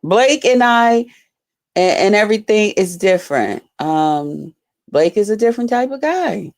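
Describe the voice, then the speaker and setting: In a casual vlog, a woman with a medium-pitched voice tells her viewers a story at a slightly slow pace. She's animated and curses freely, calling her audience "y'all" like the storytelling YouTuber she is.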